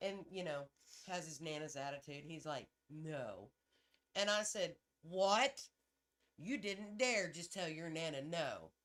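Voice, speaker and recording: A woman's voice: low voice, expressive, unhurried, a bit bright. A middle-aged grandmother, co-hosting a casual chat and telling blunt, salty stories with laughs. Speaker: podcast co-host.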